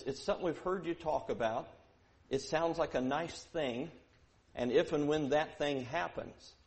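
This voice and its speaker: A man preaching a sermon who moves from quiet verse-by-verse teaching to loud, emphatic preaching, repeating phrases for emphasis. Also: fairly high pitch, vocal fry.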